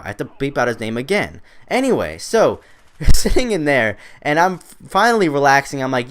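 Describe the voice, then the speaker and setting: A man's voice: medium pitch, clear, resonant tone. A teenage boy rambling through a school story over gameplay commentary, chatty and self-mocking. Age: teens. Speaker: gaming commentator.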